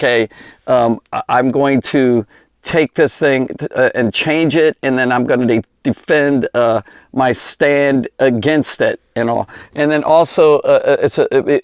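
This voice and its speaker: A man giving an informal Bible teaching, animated and chatty, often repeating words as he restarts. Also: medium pitch, dry recording, clean studio sound.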